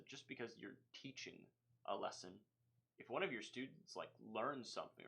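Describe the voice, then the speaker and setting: A man's voice: on the low side, bright, forceful tone. A man, a youth minister, giving a casual Bible study talk in a conversational way, with many fillers and self-corrections.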